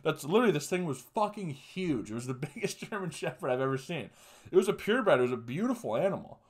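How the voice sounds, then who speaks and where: A man's voice: a little high, sing-song, quick pace, breathy edge. A young man hosting a podcast, rambling through a personal story with lots of swearing and laughing asides. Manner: profane, rambling, laughs through sad stories. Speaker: podcast host. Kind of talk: casual storytelling monologue.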